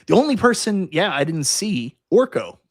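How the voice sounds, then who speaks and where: Excitable middle-aged man, dry sound. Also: high-pitched, moderate pace, no room sound. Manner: excitable, animated fan talk with casual swearing. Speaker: podcast host. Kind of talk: casual chat.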